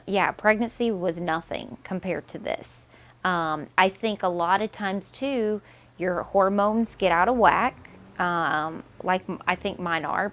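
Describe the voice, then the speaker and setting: A young woman, a new mother, talks openly to the camera in a personal vlog. She is emotional and candid, rambling through her thoughts with plenty of fillers and restarts, in a voice of middling pitch.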